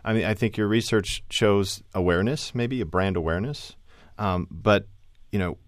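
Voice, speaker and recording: A man's voice: lowish voice, moderate pace, no echo, studio quality. A man who is an advertising executive guest on a radio panel, speaking casually with you-knows and repeated words. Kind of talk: radio interview, casual conversation.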